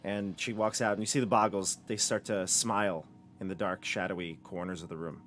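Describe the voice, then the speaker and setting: A man's voice: fairly low pitch, fairly even intonation, a little fast, few pauses. A man running a tabletop game as dungeon master, describing rooms and reading descriptions aloud.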